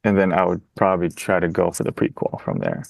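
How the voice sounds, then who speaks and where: A man in a practice sales call, polite and careful, sticking closely to a script. His voice is on the low side, heard close and dry. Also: sing-song, fast talker, creaky, dry recording. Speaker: real estate agent practicing a call. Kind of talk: role-play sales call.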